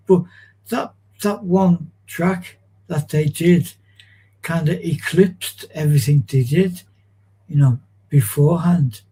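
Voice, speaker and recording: A man's voice: sits high, dark tone, slightly rough, low-quality recording. A man, a guest on a chat show, reminiscing in a rambling, digressive way with many restarts.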